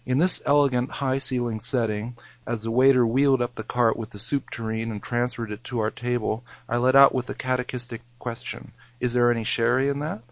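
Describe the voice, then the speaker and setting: A man's voice: mid-range voice, steady tone, a little fast, hardly any pauses, no echo, low-quality recording. A man reading a scripted, wry food memoir, his wording mock-grand. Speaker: narrator.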